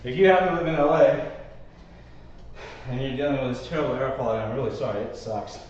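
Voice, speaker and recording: In a warm studio, a mid-range, slightly mellow male instructor talks fast as he leads Pilates while exercising, counting reps and getting out of breath now and then. The mic is distant, echoey, slightly muffled, with a little hiss or hum.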